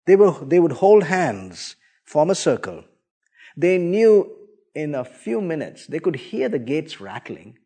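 A man preacher giving a sermon, telling the story dramatically with big swings from soft to loud. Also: a little high, breathy edge.

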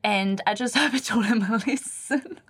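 A woman's voice: a little high, normal speed, husky. A woman co-hosting a podcast, telling stories with lots of laughter and acted-out voices. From French. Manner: animated storyteller, laughs often, acts out voices. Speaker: podcast co-host. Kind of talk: casual chat.

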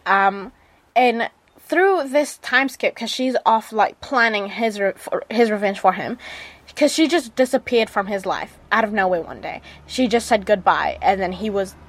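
A woman's voice: mid-range voice, measured pace, dry recording. A woman with a New Zealand accent hosting a radio show, reviewing a drama in a chatty, gushing way with many fillers and restarts. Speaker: radio host. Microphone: studio mic.

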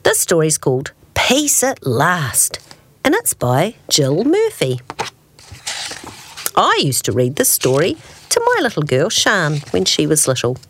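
A woman radio presenter reading a children's bedtime story aloud, expressive and slow, adding playful sound effects. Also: deep voice, a little hiss or hum.

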